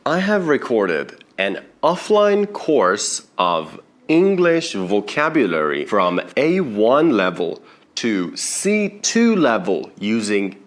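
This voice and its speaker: A young man whose first language is Persian speaks slowly in a lowish voice whose pitch swoops wildly. As an English teacher, he earnestly explains to students how he learned the language, addressing viewers directly.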